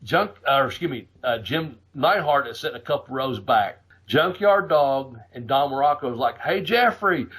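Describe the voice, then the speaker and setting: A man hosting a podcast, telling a road story in a casual, profane, animated way, laughing as he goes. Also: medium pitch, normal speed, few pauses, husky. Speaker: podcast host.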